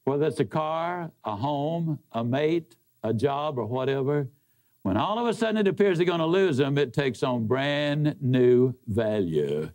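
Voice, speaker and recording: A man giving a motivational speech, telling a story in a folksy, emphatic way with big swings in pitch. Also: lively intonation, unhurried, darkish tone. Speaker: motivational speaker.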